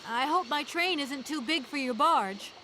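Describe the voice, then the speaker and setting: A sharp young lawyer heroine. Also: female voice, high-pitched, animated, slight background noise, heavily acted. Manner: poised, brisk and sharp-tongued. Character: ambitious young New York lawyer woman. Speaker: game protagonist. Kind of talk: video game voice acting.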